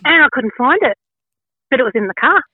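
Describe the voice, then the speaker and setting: An Australian woman telling a lively story in casual chat, acting out her own quotes. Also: sits high, fairly quick, slightly rough, dry recording. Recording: tinny phone line.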